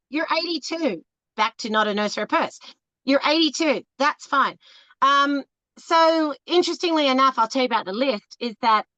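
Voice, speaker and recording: A woman's voice: on the high side, no echo, muffled recording. An Australian woman in her fifties, a relationship coach giving candid, emphatic advice and acting out other people's voices as she talks. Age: 50s. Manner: emphatic, animated, acts out quoted voices. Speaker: relationship coach, podcast guest.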